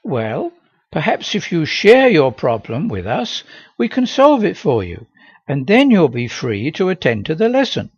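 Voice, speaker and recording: A woman's voice: sits low, very animated, measured pace, dry recording, highs cut off, pitched above the performer's own voice, heavily acted. A man reading aloud and voicing a stern, sarcastic woman schoolteacher who scolds a daydreaming pupil. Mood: brisk stern. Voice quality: sarcastic, crisp and commanding. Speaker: teacher.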